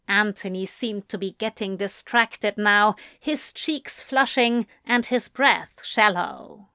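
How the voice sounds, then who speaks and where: Slow, unhurried woman narrator. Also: medium pitch, no echo, clean studio sound. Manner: even, unhurried storytelling. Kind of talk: reading fan fiction aloud.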